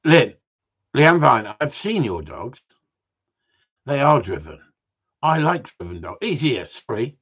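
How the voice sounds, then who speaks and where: Husky man, live-stream host, swears and banters, reads out viewer comments, dull lo-fi sound. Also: mid-range voice, very animated, takes it slowly, long pauses, fairly bright tone. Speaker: gundog trainer hosting a live stream.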